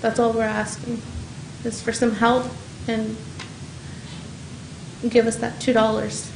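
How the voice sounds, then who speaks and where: A woman's voice: fairly high pitch, monotone, slow pace, gravelly. Frustrated woman pleading at a podium. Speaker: public commenter, home care provider. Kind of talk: public comment at a county meeting. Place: council chamber. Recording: echoey meeting room with faint noise.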